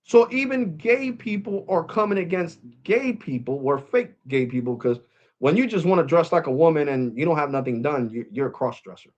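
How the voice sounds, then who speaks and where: A man's voice: on the high side, expressive, moderate pace, darkish tone, lo-fi sound. A man vlogging, ranting to his viewers in a blunt, mocking way. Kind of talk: opinion rant to camera.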